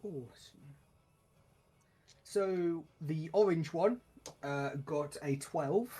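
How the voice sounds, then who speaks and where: Playful game master, higher voice. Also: male voice, mellow, slightly rough, soft background music. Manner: playful, laughs often, quick restarts. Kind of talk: running a tabletop game.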